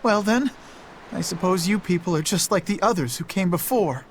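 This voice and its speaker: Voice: mid-range voice, normal speed, a little hiss or hum, natural voice. An actor voicing a polite, formal talking penguin in a video game, speaking courteously and earnestly.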